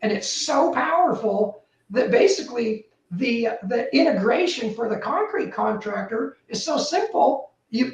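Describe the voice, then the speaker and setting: A woman, a building technology entrepreneur, talking as a guest in a casual interview, animated and emphatic with big swings in pitch. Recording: roomy, distant mic.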